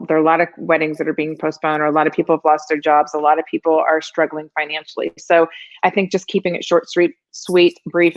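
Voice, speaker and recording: A woman co-hosting a casual live stream about weddings, explaining things in a chatty, rambling way. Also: low-pitched. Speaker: wedding business co-host. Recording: muffled, lo-fi video call audio.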